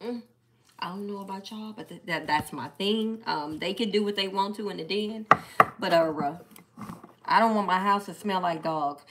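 A woman chatting casually on a live stream, playful and animated as she talks back to her viewers. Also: mid-range voice, moderate pace, heavy background noise. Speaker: live-stream host reading viewer comments.

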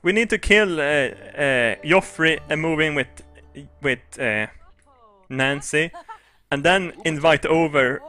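A man doing let's play commentary on a game, excitable and crude, with loud shrieks and laughter. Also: fairly high pitch, slow pace, soft background music. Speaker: gaming video host.

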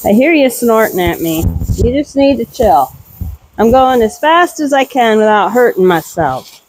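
A woman's voice: on the high side, lively intonation, a little slow, darkish tone, slight background noise, low-quality recording. A middle-aged woman chatting casually while doing farm chores in a barn, talking to her animals as she works. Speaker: homesteading vlogger.

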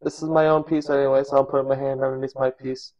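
A man's voice: mid-range voice, flat delivery, fast talker, a little mellow, lo-fi sound. A man in his own kitchen casually narrating a cooking vlog, goofy and rambling, laughing at himself as he goes. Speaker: cooking vlogger. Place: home kitchen.

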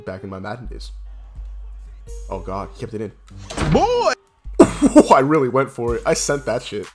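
A young man giving excitable, profane gameplay commentary, swinging between loud hype yells and low muttering. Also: fairly quick, soft background music. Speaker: gaming YouTuber.

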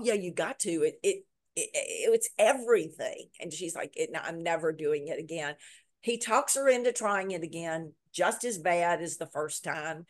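A woman author, a guest in a video interview, telling a story with lively retelling and repeating words for emphasis. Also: lowish voice. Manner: lively retelling that acts out quoted lines.

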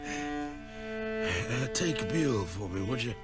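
An actor playing a gruff old frontier trapper who is dying, speaking weakly. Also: male voice, mid-range voice, expressive, drawn-out words. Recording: game audio with loud music.

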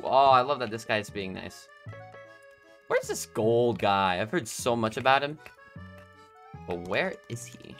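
A man giving excitable gameplay commentary, laughing often and talking to himself and his opponents. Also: medium pitch, measured pace, pauses often, soft background music. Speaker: gaming YouTuber.

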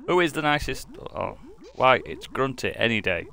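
A man's voice: mid-range voice, sing-song, normal speed, creaky, pushed and bright, heavily acted. A man voicing a vain, spiteful old witch, reading her lines in a sing-song rhyming way. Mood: gloating.

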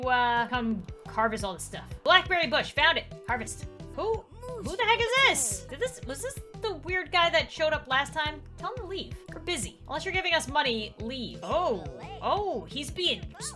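A young adult woman doing Let's Play commentary, excitable and jokey, scolding and cheering the characters in her game. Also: high voice, normal speed. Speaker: gaming YouTuber. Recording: game music behind.

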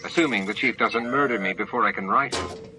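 A man's voice: lowish voice, brisk, bright, forceful tone, faint music behind, rough recording. Man voicing a blunt, wry young technician woman. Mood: teasing.

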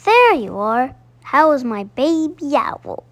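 A loving mother owl, voiced by a woman reading a storybook aloud, soothes her little one. She speaks softly and slowly, and her voice stays high and tender. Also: big pitch swings, full character voice. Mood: reassuring. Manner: soft and soothing.

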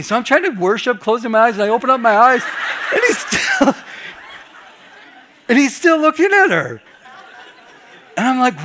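A middle-aged man, a pastor, telling a personal story during a Bible study, acting out his own reactions with lively swings between loud and soft. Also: high voice, fairly quick.

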